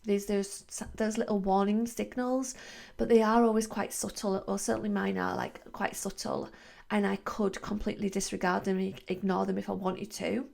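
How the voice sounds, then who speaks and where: A woman's voice: mid-range voice, flat delivery, moderate pace, creaky, darkish tone. A woman, hosting a wellbeing podcast in a chatty, reflective way full of fillers and restarts. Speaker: podcast host, wellbeing coach. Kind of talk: casual reflective monologue.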